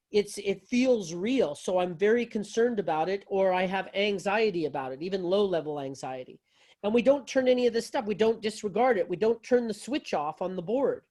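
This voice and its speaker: A man's voice: sits high, darkish tone. A man teaching yoga philosophy to a class, talking loosely and conversationally, with folksy phrasing and frequent restarts.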